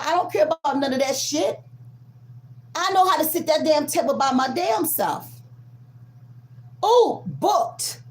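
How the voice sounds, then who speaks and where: Blunt, high-voiced woman tarot reader. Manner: blunt, profane, preachy; emphatic, drawn-out stresses. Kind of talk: casual collective tarot reading.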